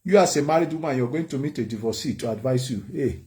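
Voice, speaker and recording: A man's voice: mid-range voice, expressive, quick pace, a little mellow. A Nigerian man preaching a humorous sermon, joking and laughing often. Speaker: prophet and preacher.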